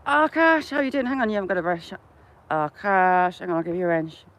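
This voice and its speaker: A woman's voice: lowish voice, sing-song, brisk, a bit bright. A woman vlogging live while she walks a countryside path, chatting and laughing with viewers as she greets them by name. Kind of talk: casual live-stream chat while walking.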